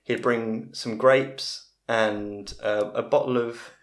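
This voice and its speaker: Man, 40s, podcast guest: rambling anecdotal storyteller, mid-pitched, in a roomy echoing room. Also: fairly even intonation, slow. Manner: rambling, self-interrupting storyteller. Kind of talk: casual storytelling in a podcast interview.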